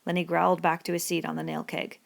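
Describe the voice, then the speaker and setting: Woman narrating with a low, gravelly voice. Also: completely flat delivery, fast talker. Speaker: audiobook narrator. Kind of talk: scripted narration.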